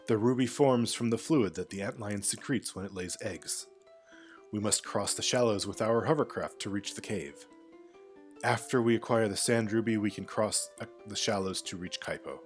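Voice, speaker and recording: A man voicing a gentle, grieving young prince in a fantasy game, soft and subdued. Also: fairly low pitch, moderate pace, soft background music, close to an everyday voice.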